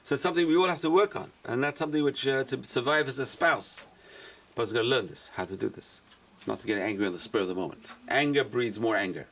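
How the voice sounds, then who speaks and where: A man's voice: medium pitch, quick pace, fairly bright tone. A man, a rabbi, teaching a class and repeating his key points for emphasis. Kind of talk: lecture-style Torah class.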